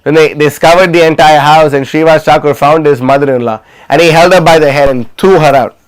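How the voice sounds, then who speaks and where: Storytelling man with a smooth voice. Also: a little high, fairly even intonation, fairly quick. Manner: retells stories with many fillers and restarts. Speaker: class speaker. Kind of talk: storytelling class talk. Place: livestreamed class.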